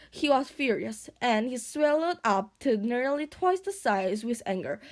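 A woman reading a children's storybook aloud, unhurried, often stumbling on a word and starting it again. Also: a little high. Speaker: audiobook reader.

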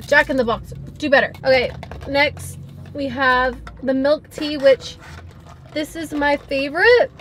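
A woman's voice: high-pitched, fairly bright tone. A young woman reviewing drinks in her parked car for a vlog, talking in a dramatic, over-the-top way about what she tastes. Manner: dramatic, exaggerated disgust. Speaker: vlogger.

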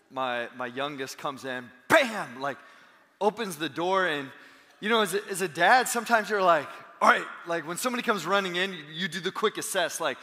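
A man in his thirties, a pastor preaching a sermon in animated storytelling style. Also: a little high, long reverb tail. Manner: animated storytelling, acting out quotes. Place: church sanctuary.

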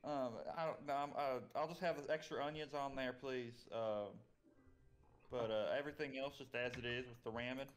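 A man's voice: medium pitch, fairly even intonation, moderate pace, natural voice. Man doing a folksy pun-loving adventurer. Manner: drawling, folksy, hesitant with fillers. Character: jovial pun-loving male earth-folk adventurer. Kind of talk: tabletop role-play.

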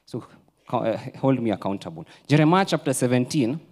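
Kenyan pastor preaching, loud then hushed. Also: male voice, mid-range voice, expressive, brisk. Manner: switches between English and Swahili, swings from loud urging to near-whisper. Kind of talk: sermon. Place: church.

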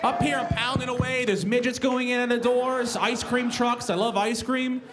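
A man's voice: extremely high pitch, fairly even intonation, moderate pace. A male stand-up comedian from New York with a New York accent, ranting in a profane, exasperated way and acting out bits of dialogue. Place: comedy club stage before a live audience. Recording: live club recording with crowd and room noise.

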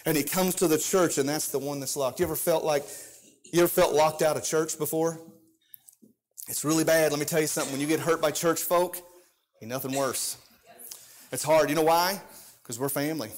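High-pitched pastor preaching, fervent sing-songy cadence, keeps calling out to the crowd. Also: male voice, fairly even intonation, fairly quick, long pauses. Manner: impassioned, sing-song preaching cadence with call-outs to the congregation. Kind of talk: sermon.

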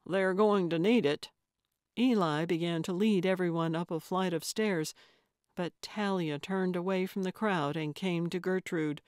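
A woman narrating a cozy mystery audiobook in a measured, unhurried storytelling manner. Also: fairly low pitch, steady tone, a little mellow, dry recording, clean studio sound. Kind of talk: scripted narration.

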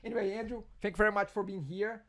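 Over a video call, a man with a non-native English accent hosts a user group meeting, chatting and joking with many restarts. His voice sits high with fairly even intonation, a little bright, and he talks fast against slight background noise.

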